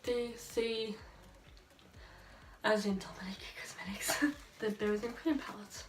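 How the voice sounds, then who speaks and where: A woman's voice: mid-range voice, fairly even intonation, measured pace. A young Australian woman, a bit tipsy, rambling and chatting to herself while doing her makeup at home. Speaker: beauty vlogger. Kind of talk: get-ready-with-me chat. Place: bedroom at home under a ring light. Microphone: phone camera. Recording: roomy sound, phone held off at a distance.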